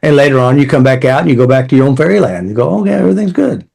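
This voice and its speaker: This podcast host, who also created a therapy method, speaks in a mid-range, darkish voice that's animated, racing, and creaky. He tells client stories in a conversational way, dropping wry asides and acting out quotes.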